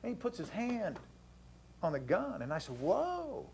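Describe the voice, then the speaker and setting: High-voiced, lively male talk show host. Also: normal speed, vocal fry, a little hiss or hum. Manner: animated, acts out dialogue in the story. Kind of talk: casual storytelling to a caller.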